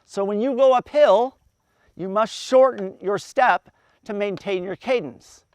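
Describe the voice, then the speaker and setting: High-voiced man coaching, counting breaths aloud. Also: a little slow, clean tone, dry recording, highs cut off. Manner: explains step by step, counts breaths aloud in rhythm. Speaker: endurance coach. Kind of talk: outdoor coaching talk to a group.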